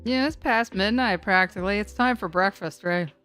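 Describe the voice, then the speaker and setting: A woman's voice: mid-range voice, moderate pace, fairly bright tone. Woman streamer chatting to her viewers, rambly and self-mocking, bit of faint music behind, voice sits mid-range. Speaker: live stream host tracking severe weather. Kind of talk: casual live-stream chat.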